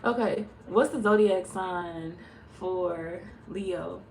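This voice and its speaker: A woman's voice: lowish voice, takes it slowly, a little mellow, low-quality recording. A woman reading tarot in a casual, blunt, chatty way, swearing freely. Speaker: tarot reader. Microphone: phone.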